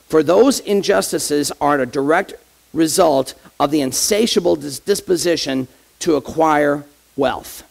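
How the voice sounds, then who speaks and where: An associate pastor preaches a conversational sermon in church, speaking straight to the congregation and posing rhetorical questions. His voice is a little high and creaky.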